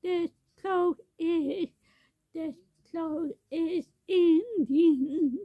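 Woman rambling and repeating herself in a half-sung way, super slow, thin phone-line sound. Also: very high voice, no echo. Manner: repetitive, chanting phrases over and over. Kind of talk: rambling sung-spoken monologue. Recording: tinny phone-like dry recording.

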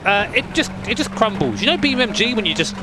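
Man, high-pitched, lively commentary, casual swearing, rally sim at home. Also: quick pace, background noise. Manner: chatty, swears casually, laughs often. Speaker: sim racing streamer. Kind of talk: gameplay commentary.

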